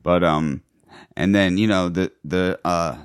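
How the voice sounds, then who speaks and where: Man, low and smooth-voiced, casual rambling talk, profane, lots of restarts. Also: fairly even intonation, unhurried. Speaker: guest describing withdrawal. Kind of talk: casual conversation.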